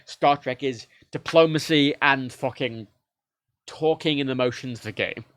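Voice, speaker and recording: A man's voice: mid-range voice, measured pace, a little hiss or hum. A man livestreaming, ranting casually about game consoles with lots of swearing. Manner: animated, heavily profane, mimics devices in quoted voices.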